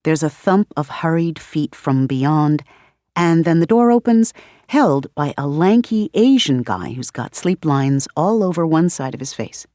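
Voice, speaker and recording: Woman, audiobook narration, low voice, expressive, dry close sound. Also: no room sound. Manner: measured, expressive reading. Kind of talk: scripted narration.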